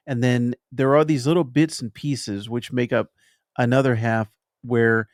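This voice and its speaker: A man hosting a podcast, chatting casually through a film review and pausing thoughtfully to find his words. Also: medium pitch, little pitch movement, no echo, clean studio sound. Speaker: podcast host.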